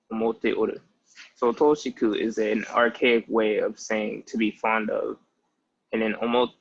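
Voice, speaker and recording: A man's voice: lowish voice, creaky, breathy edge, muffled recording. A young man in his twenties giving a patient, casual language lesson with many "like" fillers. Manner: patient, explanatory, with frequent "like" fillers. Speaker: language teacher.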